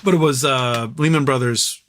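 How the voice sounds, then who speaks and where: A man's voice: mid-range voice, normal speed, fairly bright tone, a little hiss or hum. A man in his forties hosting a casual live stream, answering viewer questions in a blunt, opinionated way, with lots of fillers and restarts. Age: 40s. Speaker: livestream host reading viewer questions.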